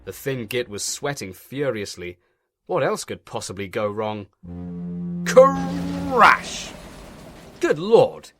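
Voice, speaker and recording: A man's voice: on the low side, normal speed, faint music behind. A man giving scripted narration of a comic story in a wry storytelling manner.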